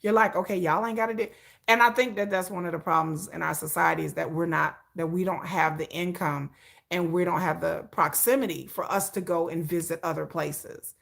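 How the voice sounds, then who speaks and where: A woman hosting a casual livestream, animated and opinionated, often breaking into laughter. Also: fairly low pitch, brisk, gravelly. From United States. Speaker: livestream host.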